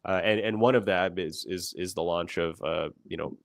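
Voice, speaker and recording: A young man with a very low voice talks loosely to his livestream audience. He rambles, restarts sentences and fills gaps with ums and little laughs. The sound is close and dry, with no room around it. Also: moderate pace, vocal fry, dry recording. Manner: rambling, many fillers and restarts, laughs often. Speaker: company founder hosting a livestream. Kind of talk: casual livestream talk.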